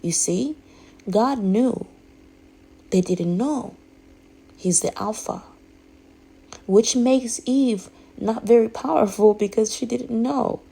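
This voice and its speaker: Woman with a gravelly, husky, warm voice; candid and emphatic, rambling with restarts. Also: on the high side, slow pace, long pauses, rough recording. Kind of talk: candid personal monologue.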